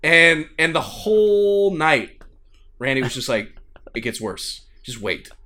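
A man co-hosting a casual podcast chat, telling a rant with swearing and loud bursts. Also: on the high side, big pitch swings, takes it slowly. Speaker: podcast co-host.

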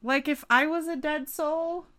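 A woman's voice: sits high, steady tone, a little slow, pushed and bright. A woman co-hosting a podcast in casual chat, full of playful mock outrage and frequent laughter. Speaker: podcast co-host.

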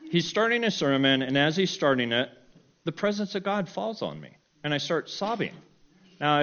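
A middle-aged man telling a personal story in a sermon, animated and self-mocking, often breaking into laughter. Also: on the high side, lo-fi sound. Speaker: preacher.

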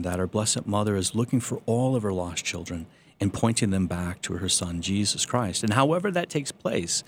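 A Catholic priest with a lowish voice shares his personal faith testimony, telling it earnestly as a story and mixing in self-deprecating humor.

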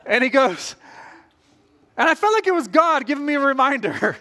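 A man with a bright, high-pitched voice preaching a sermon. He tells stories with lively energy and acts out the people in them, then drops to a low, earnest tone to press a point home. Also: moderate pace. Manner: storytelling, acts out quoted voices with rising energy. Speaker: pastor.

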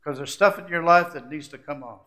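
A middle-aged pastor preaching a sermon, rising to loud climaxes and dropping to quiet, intimate asides. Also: male voice, fairly high pitch, brisk.

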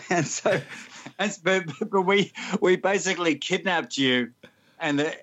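A man's voice: on the high side, animated, unhurried, fairly bright tone, muffled recording. A man who is a guest on a podcast, chatting casually and rambling, with frequent chuckles and fillers. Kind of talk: casual chat. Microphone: phone.

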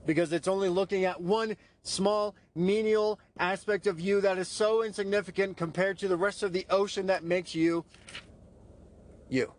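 A man's voice: high voice, steady tone, moderate pace. A man hosting a podcast, talking through his past in a candid, profane monologue. He mocks himself and keeps checking in with "right?". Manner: candid, profane, self-mocking, frequent "right?" asides. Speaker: podcast host. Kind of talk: personal monologue.

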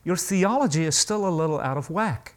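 His voice is a little high and expressive as he preaches with emphasis, questioning the congregation rhetorically and slowing to highlight key phrases.

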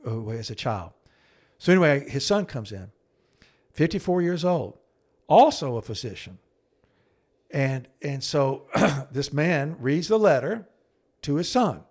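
A middle-aged man co-hosting a podcast, telling a counseling story in an earnest, halting way and acting out quoted speech in a low, hushed voice. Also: sing-song. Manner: earnest, halting, with frequent restarts and fillers. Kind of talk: conversational storytelling.

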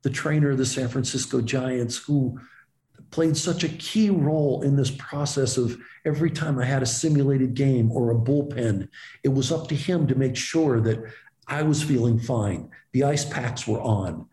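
A man, a former baseball pitcher, telling animated, self-deprecating stories as an interview guest. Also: normal speed, roomy sound. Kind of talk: storytelling in an interview.

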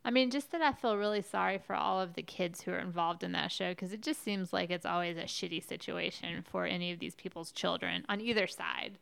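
A woman's voice: lowish voice, fairly quick, creaky, few pauses, fairly bright tone, clean tone. A woman co-hosting a podcast in playful, chatty casual talk. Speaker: podcast co-host. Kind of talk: casual chat.

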